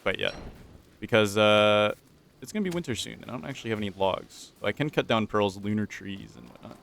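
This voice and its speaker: Slightly low and gravelly with a touch of brightness, this young man's voice moves fairly quickly over slight background noise. He's a gameplay commentator having fun with a survival game, cracking jokes, addressing the characters directly, and doing comic pirate voices.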